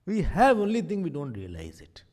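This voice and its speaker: A man with an Indian English accent giving a spiritual talk as a swami, telling stories with lively voices, sudden loud exclamations and soft asides. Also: on the high side, moderate pace. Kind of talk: sermon-style discourse with stories. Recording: long hall reverb.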